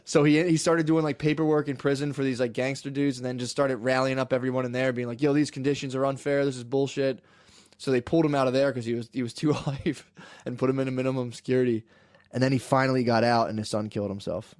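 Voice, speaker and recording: A man's voice: medium pitch, steady tone, fast talker, a little mellow, no room sound, studio quality. A man co-hosting a casual podcast, rambling through a story with lots of slang and swearing.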